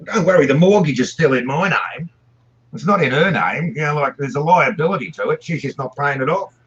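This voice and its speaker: A man's voice: on the high side, expressive, brisk, a bit bright, lo-fi sound. A man calling in for a casual chat, plain-spoken and leaning on "you know.". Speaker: caller.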